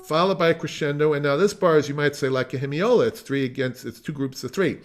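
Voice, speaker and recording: A man's voice: fairly high pitch, fast talker. Man teaching a music masterclass. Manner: explanatory, digressive, sings phrases.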